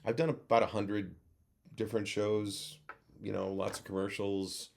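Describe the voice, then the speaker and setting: A man, a guest actor and voice-over coach, telling lively anecdotes in a casual interview over a video call. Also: lowish voice, moderate pace, creaky. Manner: animated anecdote teller who acts out other voices.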